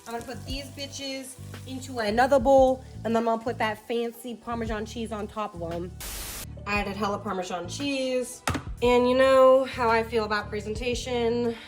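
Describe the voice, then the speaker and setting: A woman's voice: a little high, steady tone, moderate pace, faint music behind. A young woman talking casually and emotionally to camera in her home kitchen, swearing freely as she cooks and chats. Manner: profane, emotional, chatty. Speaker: vlogger. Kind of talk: casual vlog chat.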